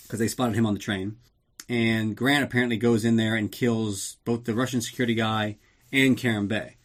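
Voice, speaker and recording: A male podcast host retells a movie plot in a loose, rambling way. He is full of sarcastic asides and casual profanity, and his voice sits at an ordinary middle pitch.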